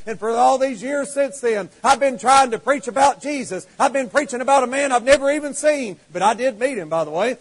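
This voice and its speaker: A male preacher, delivering a fervent sermon that swings between soft asides and shouted declarations. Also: extremely high pitch, a little fast, few pauses, low-quality recording.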